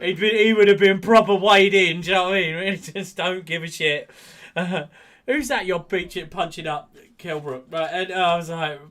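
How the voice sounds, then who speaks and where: A man's voice: sits high, normal speed, pushed and bright. A man co-hosting a casual boxing podcast, chatty and rambling, with lots of restarts. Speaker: podcast co-host.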